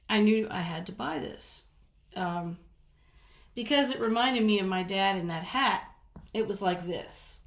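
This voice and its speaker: A woman from the American South telling rambling stories in a casual chat, laughing often. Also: mid-range voice. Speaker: vlogger. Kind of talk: casual storytelling. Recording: roomy echo.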